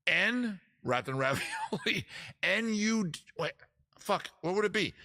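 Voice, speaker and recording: Male live-stream host, bright and forceful, playful and crude, bantering with chat. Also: high-pitched, very animated, takes it slowly. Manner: playful, jokey, cheerfully crude; reads out and answers chat names.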